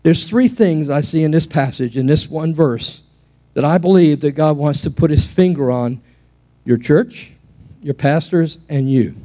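A man preaching in a church with a fairly high, warm, mellow voice. He tells lively stories from the pulpit, often restarting his sentences as he builds his points. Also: measured pace. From England. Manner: animated preaching with storytelling and repeated restarts. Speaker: pastor. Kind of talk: sermon.

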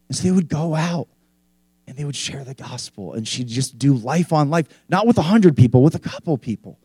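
Male preacher, chatty energetic sermon delivery, somewhat high voice, dry close sound. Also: brisk, slightly rough, dry recording. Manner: energetic conversational preaching, frequent "like".

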